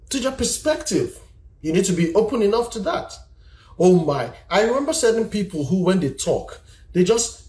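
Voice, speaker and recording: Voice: medium pitch, a little mellow. A relationship counselor gives advice on a live stream. They talk emphatically, repeat their points and keep asking listeners if they understand. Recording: roomy echo.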